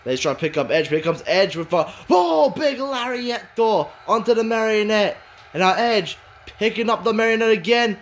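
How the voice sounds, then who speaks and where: A man calling a wrestling match play by play, excitable, shouting in bursts and swearing. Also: high voice, moderate pace, slight background noise. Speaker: wrestling commentator.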